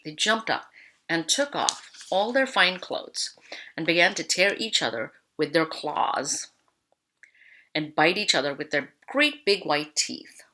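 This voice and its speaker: Woman teacher for a kindergarten read-aloud, lively pitch, bright tone. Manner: animated, lively storytelling.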